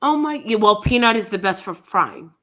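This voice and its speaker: A woman hosting a casual commentary chat, talking in a blunt, animated and scornful way. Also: medium pitch, moderate pace. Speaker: commentary channel host.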